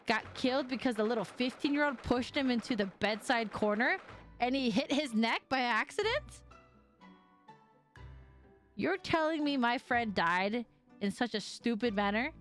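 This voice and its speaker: A fairly high-voiced woman streamer who chats casually and playfully while she plays a game. She laughs often and teases her chat, with soft game music under her voice. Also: expressive, normal speed. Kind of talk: casual live game commentary.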